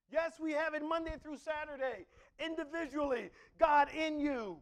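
This is a man preaching with a strikingly high-pitched voice. His delivery is animated, moving from hushed, almost whispered passages to loud, emphatic declarations. He acts out snippets of inner dialogue as he goes. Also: normal speed. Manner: animated preaching, swings from soft murmurs to loud emphatic lines. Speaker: pastor. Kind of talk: sermon.

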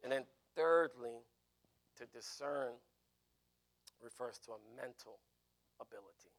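Speaking at a measured pace in a mid-range voice, this man is a pastor leading a Bible class with a casual teaching sermon. His delivery is conversational, full of restarts and frequent "right?" asides.

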